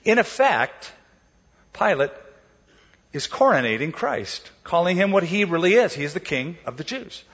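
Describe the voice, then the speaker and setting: A man's voice: sits high, very animated, moderate pace, fairly bright tone, husky, in a large hall, muffled recording. A man preaching a sermon, explaining scripture in a casual storytelling way and acting out the quotes. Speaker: pastor.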